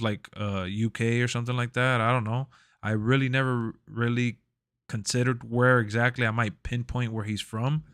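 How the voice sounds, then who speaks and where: A relaxed male streamer chatting casually on a live stream, rambling along in slangy talk. His voice is smooth and clear at a middle pitch, and the sound is dry and close to the mic. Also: dry recording.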